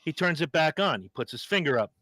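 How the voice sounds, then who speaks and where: Male podcast co-host in his fifties, animated storyteller, bright tone, dry close sound. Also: a little high, quick pace, dry recording. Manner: animated storyteller, acts out quotes. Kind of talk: casual chat.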